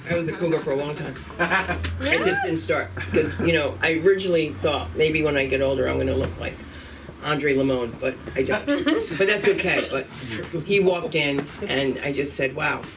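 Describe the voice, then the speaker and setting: Open mic host, playful emcee, chants a cheer, medium pitch, heavy background noise. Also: expressive, moderate pace, distant mic. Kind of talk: emceeing between acts. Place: comedy club stage.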